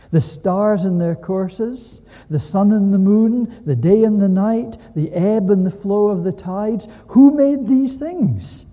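A man preaching a sermon in an animated way, full of rhetorical questions, in a church. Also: high voice, long reverb tail, muffled recording.

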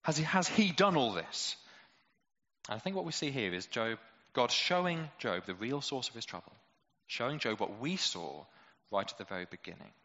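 A male preacher gives a sermon in a conversational, teasing way, full of rhetorical questions. His voice sounds bright and forceful. It carries a long hall echo and has a muffled, dull tone. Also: mid-range voice, sing-song, normal speed. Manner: conversational, lots of rhetorical questions, playful asides.

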